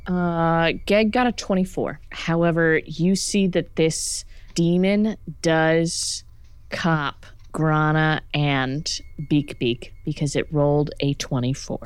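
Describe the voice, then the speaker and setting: A woman narrating as game master in a tabletop game, relaxed and casual with fillers. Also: low-pitched, slow, clear, resonant tone, no room sound.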